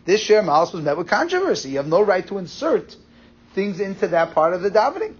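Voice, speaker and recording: A man teaching a Torah class, explaining quickly and animatedly, with Hebrew and Yiddish terms in his English. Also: high-pitched, very animated, breathy edge. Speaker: rabbi giving a class. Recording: muffled lo-fi recording.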